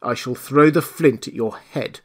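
A man's voice: mid-range voice, a little slow, close to an everyday voice. A man voicing an impatient invisible man who speaks in a firm, clipped, commanding way. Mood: stern.

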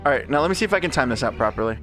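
A man's voice: medium pitch, expressive, racing, fairly bright tone, soft background music. A young man co-hosting a co-op gameplay video, bantering crudely and laughing often. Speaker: gaming co-host. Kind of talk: casual co-op gameplay commentary.

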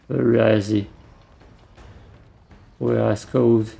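A man with a German accent gives laid-back gameplay commentary full of rambling jokes and asides. His voice sits low and dark with heavy vocal fry, and he speaks in an unhurried drawl into a desk mic. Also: fairly even intonation, low-quality recording. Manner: rambling, joking asides while playing. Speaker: gamer.

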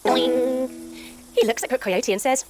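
A woman narrating an animated yoga adventure for children, with gasps, sound effects and pose instructions. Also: a little high, fast talker, noisy background. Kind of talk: kids yoga story narration.

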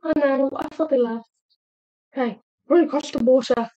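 High-voiced woman narrating her gameplay. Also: moderate pace, muffled recording. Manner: excitable, talks aloud to animals in the game. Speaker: gameplay streamer. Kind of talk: casual let's-play commentary.

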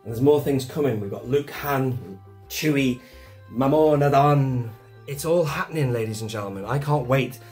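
An excitable, enthusiastic British man chatting casually in a home vlog, filmed indoors on a handheld camera with a gimbal. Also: medium pitch, moderate pace, faint music behind. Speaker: toy collector vlogger. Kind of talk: casual show-and-tell vlog.

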